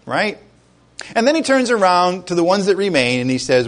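A man preaching a sermon as pastor, in a conversational, animated way with joking asides. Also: high voice, normal speed.

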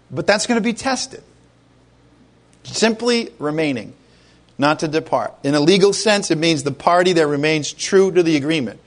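A man preaching a sermon as pastor, in a conversational, animated way with joking asides. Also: a little high, normal speed.

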